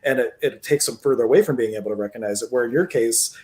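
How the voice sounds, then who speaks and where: A man co-hosting a relaxed online talk, with a voice of middling pitch. He explains energy healing calmly and steadily, using spiritual terms. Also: quick pace. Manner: calm explainer who uses spiritual terms. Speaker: co-host, energy healer. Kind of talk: casual livestream conversation.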